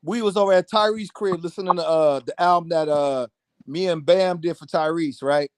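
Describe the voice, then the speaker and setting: A man in a music business telling stories over a video call in a lively, casual way, acting out other people's voices and saying "man" a lot. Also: a little high, moderate pace, clear, resonant tone, dry recording. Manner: animated, acts out quoted voices, says "man" constantly. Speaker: music producer guest. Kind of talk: casual storytelling chat.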